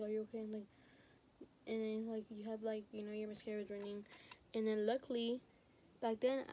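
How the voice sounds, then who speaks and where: A woman's voice: medium pitch, warm tone, slight background noise. Rambling teen girl telling a storytime. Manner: rambling, heavy use of fillers like "like" and "you know". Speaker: vlogger. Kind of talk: casual storytime chat. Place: home, recording while doing nails. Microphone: phone.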